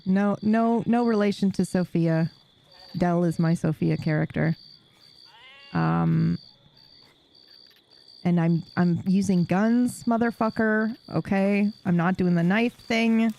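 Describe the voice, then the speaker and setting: A woman's voice: fairly low pitch, steady tone, slow pace, vocal fry, long pauses, dark tone. A woman streamer chatting casually with her live audience while playing a game, swearing freely and laughing often.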